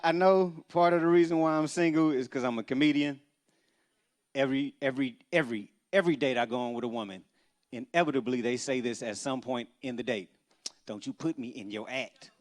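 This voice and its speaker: A man with a mid-range voice does stand-up comedy on a church stage for a live audience, his storytelling animated and punchy, broken by sudden loud bursts.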